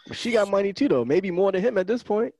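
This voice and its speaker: A man's voice: high-pitched, lively intonation, quick pace, a little mellow. A man hosting a podcast, opening the show and bantering casually with his co-hosts. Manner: joking, laid-back banter. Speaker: podcast host. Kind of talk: casual chat.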